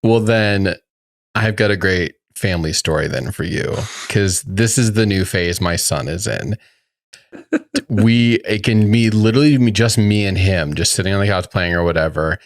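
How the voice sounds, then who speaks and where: Man, thirties, podcast co-host, very low voice, dry close sound, relaxed and laughing. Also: normal speed, no room sound. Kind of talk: casual chat.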